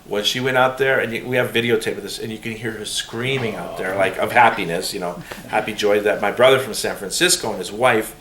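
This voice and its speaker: A middle-aged man telling family stories in a casual, animated way during an oral history interview, with laughter. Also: on the low side. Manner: animated, laughing, mimics voices when quoting. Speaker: interviewee's son. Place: room in a museum. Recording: roomy room with faint hiss.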